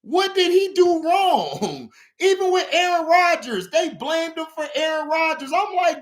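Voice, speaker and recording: A man hosting a casual sports vlog, ranting animatedly about football, laughing often and shouting for emphasis. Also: very high voice, big pitch swings, a little slow.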